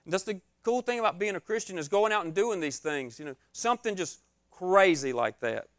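A man's voice: sits high, expressive, fairly quick, fairly bright tone, dry recording, studio quality. A young man preaching an informal, joking sermon, acting out his own scared reactions.

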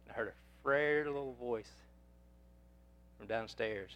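A man preaching a sermon, spinning homespun family stories into his message. He talks in a folksy, repetitive storytelling manner and keeps his voice at a middle pitch. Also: unhurried, pauses often, a bit bright, lo-fi sound. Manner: folksy storyteller, repeats words as he goes.

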